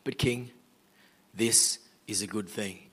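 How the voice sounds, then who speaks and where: A man voicing a humble, ever positive loyal friend in a parable, speaking soft and low. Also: steady tone, slow pace, husky, exaggerated voice. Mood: gentle.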